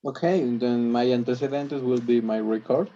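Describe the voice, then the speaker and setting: A man learning English, practicing polite requests and often pausing to search for words. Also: mid-range voice, warm tone, muffled recording. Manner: hesitant, restarts, searches for words. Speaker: English student.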